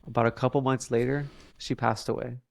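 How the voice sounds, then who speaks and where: A young man, a podcast guest, telling a long story in a halting way with many fillers and restarts. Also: medium pitch, little pitch movement, gravelly, dry recording. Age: young adult. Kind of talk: casual storytelling interview.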